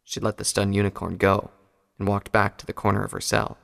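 A man narrating a fan fiction story in a measured, even reading. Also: on the low side, creaky, clear, resonant tone. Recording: long hall reverb.

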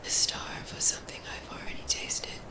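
A woman whispering the lines of a veiled, gloved man who is desperate yet holding himself back, in a whispered role-play. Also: moderate pace. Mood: strained desperate. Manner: hushed, strained, breathless.

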